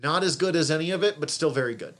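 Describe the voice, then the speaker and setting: Lively, exclaiming man chatting casually. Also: fairly high pitch, fast talker. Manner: animated, swears often, exclaims loudly. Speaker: podcast co-host. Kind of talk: casual chat.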